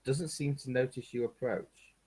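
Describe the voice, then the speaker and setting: A man's voice: medium pitch, fairly even intonation, moderate pace, a little mellow, slightly rough. A man narrating as game master of a tabletop game, hesitant with many ums and restarts.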